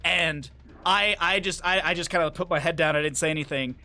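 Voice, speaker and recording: A man streaming a game, chatting casually with his chat and telling rambling, profane stories with quick asides. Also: a little high, pushed and bright. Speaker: gaming streamer. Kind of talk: casual livestream commentary while playing.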